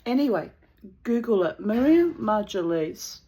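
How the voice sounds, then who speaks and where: A woman's voice: mid-range voice, sing-song, unhurried, dark tone. A woman telling a rambling, digressive anecdote in casual chat, breaking into laughter often. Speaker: channel host.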